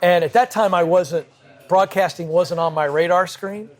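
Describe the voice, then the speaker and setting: Man telling a lively story, slightly high voice. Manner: brisk, vivid anecdote telling with acted quotes. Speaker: podcast guest. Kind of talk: animated storytelling in conversation. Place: cigar lounge with a group present.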